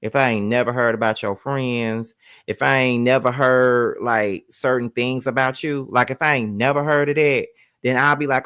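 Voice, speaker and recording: A man's voice: mid-range voice, unhurried, fairly bright tone, clear, resonant tone. A man reacting to a story in casual commentary, blunt and conversational, repeating himself.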